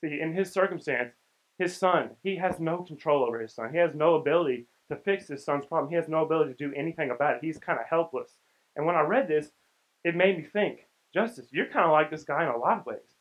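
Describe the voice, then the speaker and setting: Fast and fairly high-pitched, this young preacher talks through his sermon conversationally, performing the characters' lines. The recording is rough.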